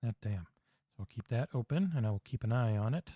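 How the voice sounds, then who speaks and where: Excitable swearing man streaming a game. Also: medium pitch, fairly quick, no echo. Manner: excitable, swears freely, talks to chat. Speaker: charity livestream gamer. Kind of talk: casual game-stream commentary. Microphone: headset. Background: game music.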